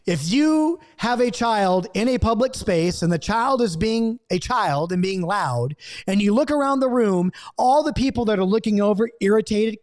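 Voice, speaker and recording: Animated high-voiced male Bible teacher. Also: normal speed. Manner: acts out quoted outbursts, swings between loud and hushed. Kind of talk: impassioned Bible study talk to camera.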